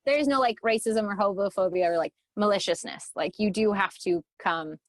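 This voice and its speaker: A woman of medium pitch talks as a podcast guest in a casual, heartfelt way, sometimes softening her voice to a hush. The sound is dry and close. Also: a little fast, no echo. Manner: warm, earnest, softens to near whispers when moved. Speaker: guest, event organizer. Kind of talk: casual conversational interview.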